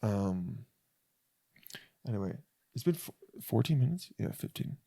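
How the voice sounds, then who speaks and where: A man's voice: lowish voice, big pitch swings, measured pace, creaky, dark tone, husky, no echo, clean studio sound. A young man hosting a podcast, telling a rambling comedic monologue in a crude, self-interrupting way from a bed in a rental apartment. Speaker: podcast host.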